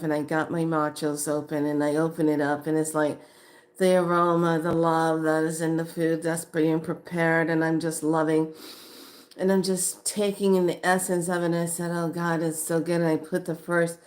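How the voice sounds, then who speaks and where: Lively low-voiced woman telling a story. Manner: animated, acts out quoted voices, laughs often. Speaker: vlogger. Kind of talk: casual storytelling.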